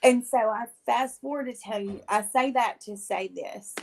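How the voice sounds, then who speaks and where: A woman, a guest on a talk show, telling her faith testimony in an animated, chatty way with many filler words and frequent laughs. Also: on the high side, moderate pace, vocal fry, a little hiss or hum, rough recording. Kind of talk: animated storytelling.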